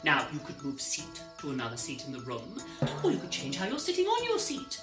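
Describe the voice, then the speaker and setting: A woman's voice: low voice, wildly swooping pitch, a little fast. A woman telling an interactive children's story in a playful, theatrical way, often addressing the listener directly. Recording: roomy echo with music behind.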